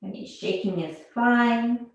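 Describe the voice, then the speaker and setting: A woman leads a yoga class, cueing each pose and breath in a slow, unhurried way. Her voice rings out in a strongly echoing room. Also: fairly high pitch, vocal fry, dull audio. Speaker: yoga instructor. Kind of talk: guided yoga class instruction. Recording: very echoey room.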